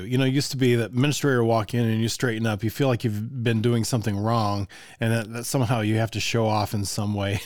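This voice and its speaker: An older man, a music teacher, telling stories from his classroom in a relaxed, conversational way with frequent chuckles and asides to the listener. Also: mid-range voice, brisk, no room sound, studio quality. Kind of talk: casual storytelling.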